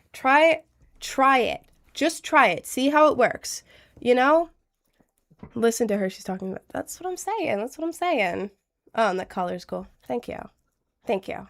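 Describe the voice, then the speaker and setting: Young woman streamer, fairly high voice, earnest and rambling advice-giver with lots of "like"s. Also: gravelly. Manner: chatty, earnest, advice-giving with lots of fillers. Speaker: streamer giving relationship advice to chat. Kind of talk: casual livestream chat.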